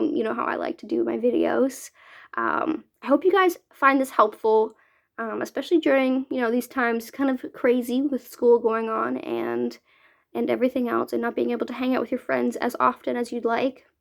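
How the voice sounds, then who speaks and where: A woman's voice: on the high side, gravelly. A young woman from Canada, a youth mentor, talking casually to kids about feelings and often asking "right?". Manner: chatty, keeps asking "right?". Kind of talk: casual talk to children.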